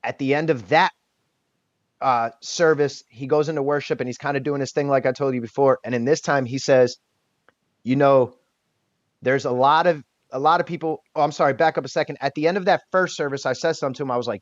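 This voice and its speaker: A man's voice: medium pitch, a little fast, no echo. Man, 30s, guest, raw candid storytelling with casual swearing, dry lo-fi sound. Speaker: podcast guest. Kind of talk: emotional personal storytelling.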